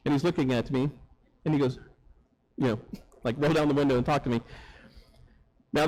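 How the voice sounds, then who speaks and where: A man preaching a sermon, telling a story in an animated way and acting out the people in it. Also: a little high, rough recording. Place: church sanctuary.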